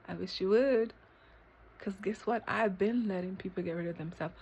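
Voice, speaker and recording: A woman talks to the camera in a loose, reflective monologue, full of fillers and false starts. Now and then she jumps to high, incredulous exclamations. A faint hiss sits under the recording. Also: moderate pace, darkish tone. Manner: rambling, filler-heavy, with sudden high exclamations. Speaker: vlogger. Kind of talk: reflective self-talk monologue. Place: eating ice cream while filming herself.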